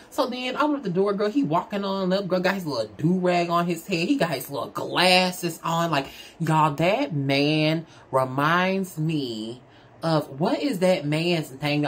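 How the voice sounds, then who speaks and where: A woman telling a personal story in a casual, candid, chatty way, talking straight to her audience. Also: slightly rough. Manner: chatty, candid, addresses the audience as "girl" and "y'all"; animated, with big swings in pitch. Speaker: storyteller vlogger.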